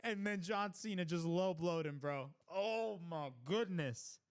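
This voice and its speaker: A man hosting a live wrestling reaction stream, talking casually, swearing freely and bursting into exclamations and shouts. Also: sits high, a little slow, smooth. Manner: excitable, blurts exclamations and shouts at big moments.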